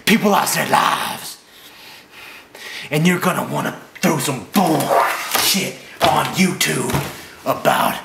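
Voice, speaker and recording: A man's voice: on the high side, lively intonation, takes it slowly, gravelly, noisy background. A man ranting angrily at the camera with crude, aggressive swearing, recorded with a roomy echo. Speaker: vlogger. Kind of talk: profane angry rant.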